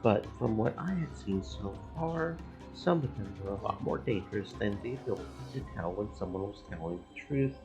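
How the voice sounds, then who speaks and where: A man streaming a game, reading its story text aloud in slow, measured narration. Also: on the low side, expressive, music in the background, poor audio.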